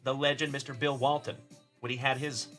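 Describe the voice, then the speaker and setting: A man from Texas runs a casual live stream of card pack openings, calling out players and thanking viewers by name. His voice is bright and forceful, with mid-range pitch. Faint music plays behind him. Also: flat delivery, fairly quick. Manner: upbeat, shouting out chat viewers by name. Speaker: card-breaking livestream host.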